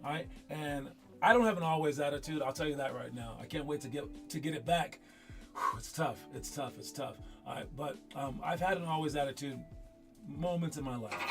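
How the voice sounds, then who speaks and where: Rambling, emphatic youth basketball coach. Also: male voice, on the high side. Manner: rambling, emphatic, many fillers and restarts. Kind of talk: motivational talk to young players.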